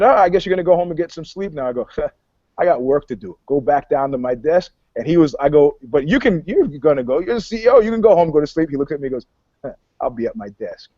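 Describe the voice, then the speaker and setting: A man co-hosting a casual podcast, telling stories in an animated, boastful way, laughing often and swearing. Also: a little high, dry recording. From New York. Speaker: podcast co-host. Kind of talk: casual chat, storytelling. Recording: dull lo-fi audio, dry.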